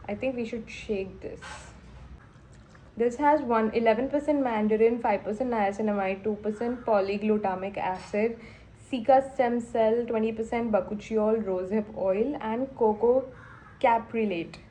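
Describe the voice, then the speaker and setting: A woman's voice: fairly high pitch, normal speed, mellow, a little hiss or hum. A young woman with an Indian accent, congested from a cold, chatting casually in a vlog and slipping into Hindi phrases. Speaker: vlogger.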